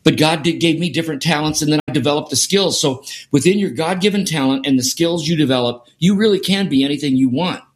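A man's voice: fairly high pitch, quick pace, few pauses. A man guest in an interview, telling a personal story in an earnest way and repeating phrases for emphasis. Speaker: podcast guest.

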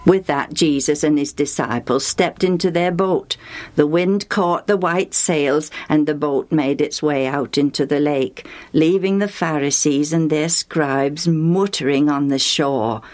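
A woman reading a Bible story aloud to children, gentle and expressive. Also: sits low, measured pace. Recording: music under the voice.

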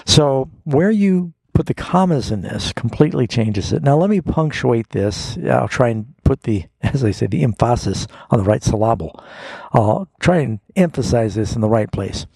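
A male radio pastor answers callers' Bible questions in a folksy, patient teaching manner. His voice is gravelly and mellow with a slightly husky edge. The studio sound is dry and close. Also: mid-range voice, animated, normal speed, no room sound. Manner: explanatory, folksy, with homespun illustrations.

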